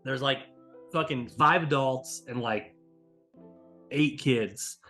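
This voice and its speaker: A man's voice: mid-range voice, slow, soft background music. A man hosting a podcast, telling a long story in casual chat, swearing often and rambling with restarts. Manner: profane, rambling, animated storyteller. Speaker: podcast host.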